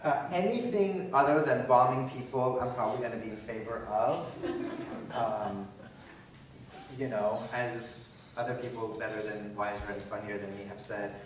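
A man delivers a lecture with animated, sarcastic flair, pushing his emphasis higher as he makes a point. His voice sounds far from the mic and rings through a large, echoing hall, with faint noise underneath. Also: normal speed. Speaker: keynote speaker. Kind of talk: university lecture and Q&A answers.

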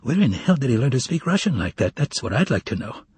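A man reading an audiobook voices an irritable young male poet who mutters gruffly. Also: medium pitch, very animated, fast, darkish tone, no echo. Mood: irritated.

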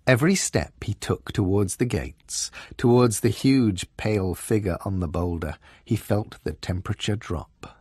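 A man reading a children's story aloud, slow and dramatic. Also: on the low side, darkish tone, slightly rough, dry recording, clean studio sound. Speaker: audiobook reader.

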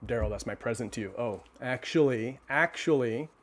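A male host reading a children's storybook aloud with expressive timing, his voice sitting at an ordinary middle pitch. Between stories he chats casually with viewers, pausing and restarting as he thinks. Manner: expressive reading, then relaxed halting chat.

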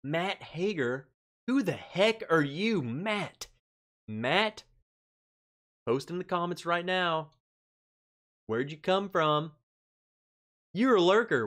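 A man hosting a relaxed tasting livestream, talking straight to his chat and laughing easily. His voice sits a little high and swings widely in pitch. There's a stressed edge to how he talks. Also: slow pace, long pauses. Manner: chatty, reads out chat comments, laughs often. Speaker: livestream host. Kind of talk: casual live-stream chat.

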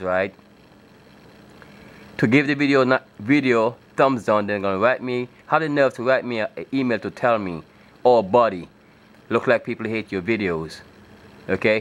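Male video blogger, mid-range pitch, fervent sermon-style rant, keeps asking "okay?". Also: fairly bright tone. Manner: emphatic and insistent, often repeats himself with "okay?"; breaks into rising, scripture-like declamation. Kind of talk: preaching monologue to camera.

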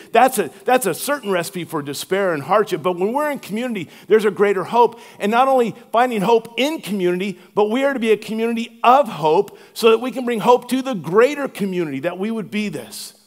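A pastor from Louisiana preaching an earnest sermon, drawing out key words for emphasis. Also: male voice, high-pitched. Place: church sanctuary. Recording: long church hall reverb.

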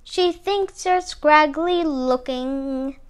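A woman's voice: high-pitched, expressive, takes it slowly, a bit bright, heavily acted. A woman voicing a sly male armadillo who tattles in a teasing sing-song in a storybook reading.

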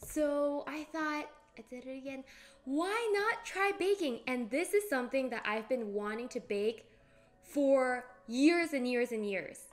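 Bubbly high-voiced young woman streamer. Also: lively intonation, a little slow, faint music behind. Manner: bubbly, giggly, greets chatters by name. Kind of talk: casual live-stream chat while cooking.

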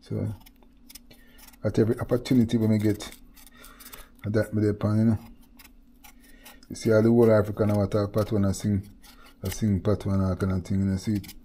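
A man's voice: lowish voice, completely flat delivery, fairly quick, pauses often, dark tone, a little hiss or hum. A Jamaican man chatting casually on his cooking vlog, laid-back and mixing in patois phrases. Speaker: cooking vlogger. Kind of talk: casual chat.

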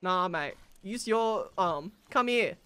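An Australian man streaming a video game, excitable and playful, often shouting during fights. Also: high voice, takes it slowly, clean tone, no echo. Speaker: gaming streamer. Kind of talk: casual gameplay chat.

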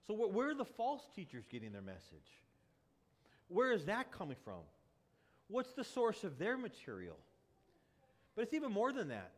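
Man, pastor, sermon, high voice, lively swings in pitch, emphatic rhetorical questions. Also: a little fast. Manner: animated, emphatic with rhetorical questions and frequent restarts.

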